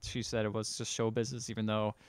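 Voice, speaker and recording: A man's voice: on the low side, completely flat delivery, quick pace, clean tone, no room sound. A man with an American accent co-hosting a podcast, casually retelling a film and acting out the characters' lines. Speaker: podcast co-host. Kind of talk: casual chat, recapping a film.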